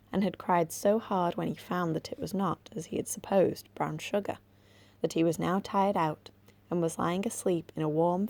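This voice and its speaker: A woman with an English accent, a library assistant, reading a children's storybook aloud at a gentle, measured pace. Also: on the low side, gravelly.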